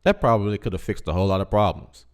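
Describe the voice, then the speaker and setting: A man's voice: on the low side, expressive, rapid-fire, clear, resonant tone. A man hosting a live call-in show, talking bluntly and with emphasis to his audience. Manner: blunt, emphatic, addresses chat directly. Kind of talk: casual commentary.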